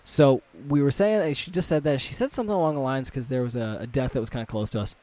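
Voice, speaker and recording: A young man chatting on a podcast, spinning long personal stories with loose swearing. His pitch sits in the ordinary middle range, and he talks the easy way friends talk to each other. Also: fast, warm tone. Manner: storytelling, swears casually. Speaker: podcast co-host. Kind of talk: casual chat.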